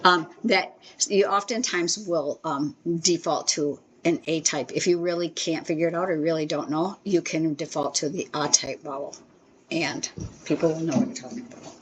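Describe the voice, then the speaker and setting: A woman's voice: sits low, fairly even intonation, moderate pace, a little hiss or hum. A woman teaching an informal beginners' language class, explaining in a chatty way with many ums and restarts. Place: small meeting room in a congregation.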